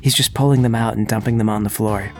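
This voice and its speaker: Calm man narrating a tabletop game. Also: lowish voice, fast talker, faint music behind. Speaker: game master.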